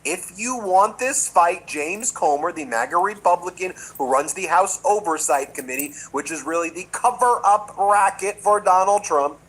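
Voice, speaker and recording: Politician, man, high-pitched, combative and mocking public speaker. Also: lively intonation, normal speed, hardly any pauses, fairly bright tone, poor audio. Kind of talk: public speech.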